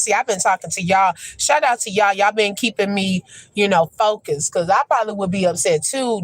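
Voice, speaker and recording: A woman's voice: mid-range voice, a bit bright, no echo, rough recording. A woman hosting a casual livestream from a parked car, chatting, laughing often and turning to preacher-like encouragement. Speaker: livestream host. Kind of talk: casual live chat with encouragement.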